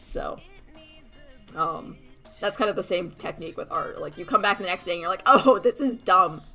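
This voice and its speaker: A young woman draws on stream while chatting casually, rambling, giggling, poking fun at herself and acting out the voices she quotes. Her lowish voice has fairly even intonation, vocal fry, and a pushed, bright quality at normal speed, with faint music in the background.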